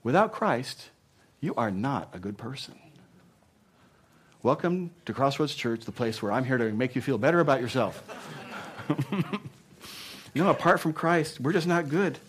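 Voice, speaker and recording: A male pastor delivering a sermon in an ordinary mid-range voice. He talks casually, with plenty of "you know", then drives his points with loud emphatic bursts and soft, low asides. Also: expressive, moderate pace. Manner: emphatic, swinging between punchy loud lines and hushed asides; conversational, with frequent "you know".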